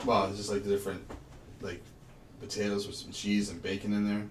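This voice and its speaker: A man's voice: lowish voice, level tone, brisk, background noise. A man, chatting casually and rambling through stories while working on a puzzle livestream. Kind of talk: casual chat. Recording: echoey room, mic far off.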